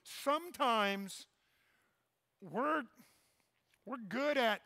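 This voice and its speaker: A man preaching a sermon with passion, dropping to soft, quiet tones for emphasis. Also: sits high, animated, takes it slowly, pauses often, dry recording. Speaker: pastor.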